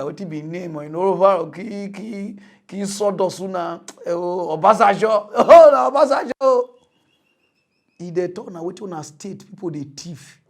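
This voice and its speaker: A man with a high voice and a Nigerian Pidgin English accent hosts a comedy mock news show. He rants with animation, dropping to mutters and then bursting out loudly. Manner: animated ranting, swings from muttering to loud outbursts. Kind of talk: satirical mock news rant.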